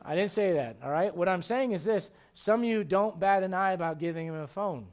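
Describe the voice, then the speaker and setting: A man preaching a sermon as pastor of a church, emphatic and swinging between loud bursts and low asides. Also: brisk, a little hiss or hum.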